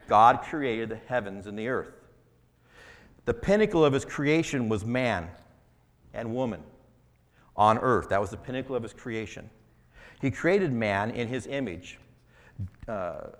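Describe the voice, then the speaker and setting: A man's voice: on the low side, a bit bright. A man, a pastor, preaching a conversational sermon full of rhetorical questions. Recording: long reverberant hall.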